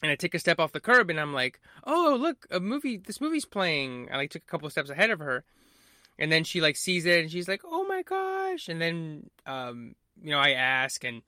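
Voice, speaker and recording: A man's voice: fairly high pitch, expressive, a little fast, bright, forceful tone, smooth, no echo, studio quality. A young man hosting a podcast, telling a long story casually with lots of fillers and acted-out quotes. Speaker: podcast host.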